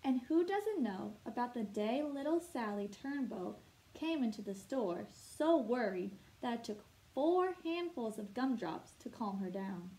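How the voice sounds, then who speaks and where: A woman teacher reads a picture book aloud for children, shaping each line with storyteller expression. Her voice sits a little high, and she stops now and then to ask her listeners questions. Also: warm tone, low-quality recording.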